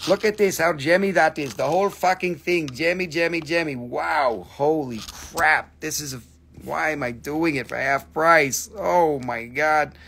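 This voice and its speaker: A live-stream crystal seller with a somewhat high, slightly slow, creaky and fairly bright voice hosts an online rock and mineral sale. He chats casually, showing off pieces and their prices while joking, swearing and slipping into bits of song.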